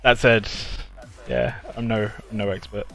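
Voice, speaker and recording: A man's voice: fairly low pitch, flat delivery, unhurried, creaky, a bit bright, faint music behind. A man co-hosting a live art stream, chatting casually with many restarts and frequent laughter. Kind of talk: casual chat.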